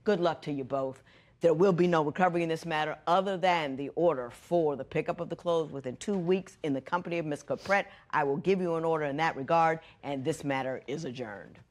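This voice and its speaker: A middle-aged woman judge on a courtroom show delivers her ruling and advice, firmly lecturing the couple and shifting between stern and gentle. Her voice is low-pitched and brisk.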